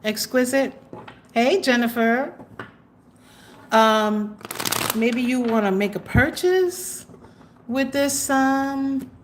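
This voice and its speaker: A woman's voice: fairly high pitch, drawn-out words, pauses often, a little hiss or hum. Chatty woman doing a live tarot reading. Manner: chatty, exclamatory, trails off with fillers. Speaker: tarot reader and livestream host.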